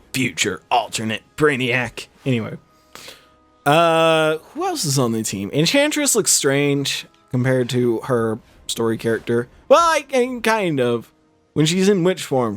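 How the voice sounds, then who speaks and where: A man's voice: mid-range voice, no room sound. A young man chatting casually over a game he is playing, rambling with many fillers and restarts. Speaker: gaming channel host. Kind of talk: casual let's-play commentary.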